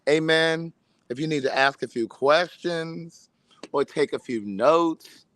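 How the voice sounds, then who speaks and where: A man's voice: a little high, slow, a bit bright, dry recording. A man hosting his own show, showy in intros and loosely chatty on a phone live stream from a backyard. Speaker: host. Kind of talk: scripted promo and casual live stream. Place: friend's house, backyard.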